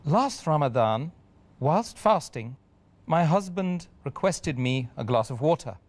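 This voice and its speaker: A man's voice: fairly high pitch, sing-song, takes it slowly. A man hosting an interview, politely thanking his guest and reading out audience questions. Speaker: host.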